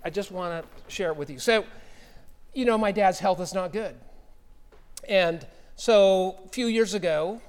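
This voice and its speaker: A middle-aged male pastor delivering a sermon. He speaks with a high-pitched voice. His manner is relaxed and conversational, and he tells personal stories. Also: big-room sound. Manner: conversational storytelling.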